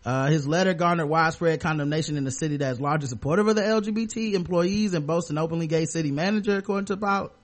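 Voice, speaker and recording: Male podcast host, sarcastic and rambling, voice on the higher side for a man. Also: fast talker, hardly any pauses. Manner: sarcastic, joking, loose and rambling. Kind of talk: casual comedic podcast chat.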